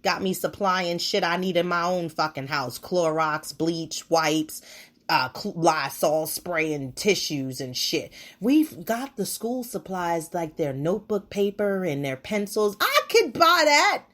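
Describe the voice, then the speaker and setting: A woman's voice: lowish voice, unhurried. A woman hosting a podcast in a casual monologue, ranting bluntly and swearing freely. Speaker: podcast host.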